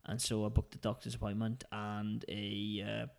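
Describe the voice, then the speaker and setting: Man, gravelly fry in his voice, casual podcast co-host, chatty storyteller. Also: on the low side, completely flat delivery, normal speed. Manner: chatty storytelling, self-mocking. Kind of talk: casual chat.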